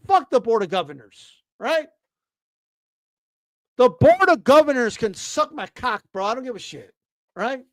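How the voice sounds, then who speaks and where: High-pitched male streamer from Texas, profane heated rant, full of restarts and mock quotes, dry untreated sound. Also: sing-song, normal speed, no room sound. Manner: mocks others in quoted voices. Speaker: boxing commentator. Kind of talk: casual livestream rant.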